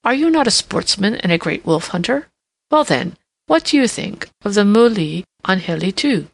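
A mocking, self-assured old monarch, as a woman reader puts him on for an audiobook. He delivers learned quips with a raised, lively pitch and a gravelly edge, close and dry. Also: moderate pace, dry recording. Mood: jovial. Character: elderly male king, jovial, teasing, self-assured.

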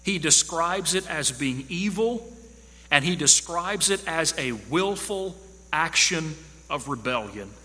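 Male preacher, high and very bright tone, emphatic and repetitive delivery, hall reverb. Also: expressive, slow pace. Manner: emphatic, repeats key phrases for stress. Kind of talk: sermon.

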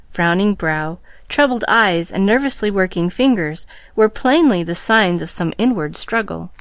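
A woman reading a classic novel aloud in a measured storytelling manner. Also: lowish voice, dry recording. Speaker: audiobook reader. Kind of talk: scripted narration.

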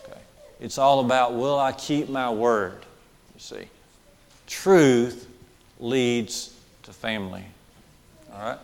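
A man's voice: medium pitch, steady tone, unhurried, vocal fry, pauses often, in a large hall. A male preacher delivering a sermon, repeating key phrases for emphasis and checking in with listeners with questions and frequent "okay"s. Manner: says okay often, asks questions of the listeners.

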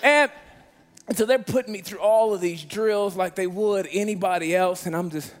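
A man preaching as a guest pastor, telling a funny story in a lively way and acting out the people in it. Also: moderate pace. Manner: animated, acts out quoted voices with big pitch jumps. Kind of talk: storytelling sermon.

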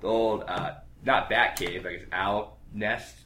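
A young man with a deep, low voice talks loosely through a story recap. He piles on fillers and restarts and drops into quick impressions of characters. Casual chat with friends. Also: steady tone, bright, forceful tone, a little hiss or hum. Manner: rambling, filler-heavy, acts out characters' lines.

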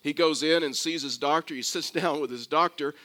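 A man's voice: on the high side, fairly quick, sharp tone. A man delivering a sermon as a pastor, telling a story and circling back to repeat his key phrases, with restarts along the way.

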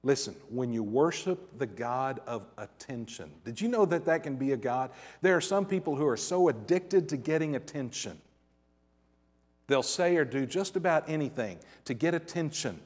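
A man preaching a sermon with scripture reading, dramatic, swinging from loud emphasis to quiet asides with wry humor. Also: mid-range voice, expressive, normal speed. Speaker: pastor. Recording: long reverb of a large hall.

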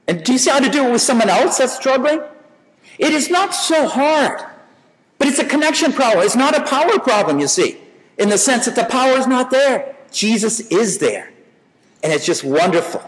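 A man's voice: very high voice, very animated, normal speed, in a large hall, low-quality recording. A man preaching a sermon in a conversational way, telling stories and asking rhetorical questions.

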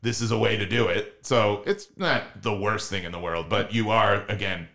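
A man co-hosting a podcast, telling a story in casual chat and breaking into loud impressions of others. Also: on the low side, moderate pace, creaky. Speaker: podcast co-host. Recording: roomy echo.

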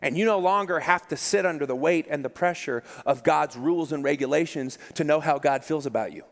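A man's voice: on the high side, brisk, vocal fry. A male pastor preaching a sermon with passion, often repeating words as he builds emphasis. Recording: long hall reverb.

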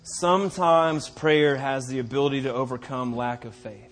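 A man preaching a sermon as pastor, swinging from booming declarations to hushed asides and slowing down hard to stress key phrases.

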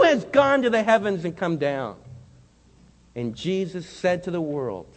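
A male pastor preaching a sermon in a church with impassioned delivery that swings between quiet and loud. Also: on the high side, big pitch swings, a little slow, a little hiss or hum. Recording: long hall reverb.

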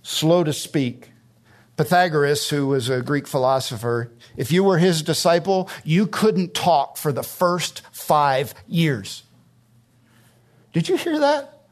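High-pitched, emphatic preacher. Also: male voice. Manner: emphatic preaching, rising on key words, slowing to stress phrases. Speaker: pastor. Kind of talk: sermon.

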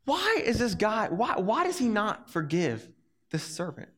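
A young man with a high, light voice preaches in a loose, conversational way. He tells the story with plenty of energy and slips into the voices of its characters as he goes. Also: a little slow. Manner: animated, acts out the story's characters. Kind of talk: casual storytelling sermon.

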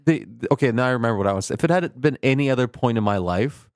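A man's voice: mid-range voice, expressive, quick pace, dry recording, clean studio sound. A man as a guest on a casual podcast, telling rambling anecdotes with lots of fillers.

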